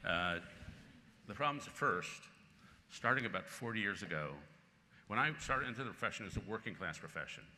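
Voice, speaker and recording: A fairly low-pitched, brisk male voice belongs to a columnist in his sixties who's the featured speaker at a conference. Responding to audience questions, he tells spirited anecdotes and breaks into laughter, with long hall reverb and faint noise around him.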